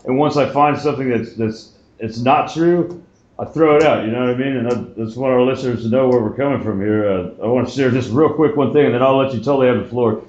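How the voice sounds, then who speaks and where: A man hosting a podcast, talking in an animated, indignant way and acting out the voices he quotes. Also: medium pitch, fast. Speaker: podcast host. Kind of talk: heated casual conversation. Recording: echoey room, dull lo-fi sound.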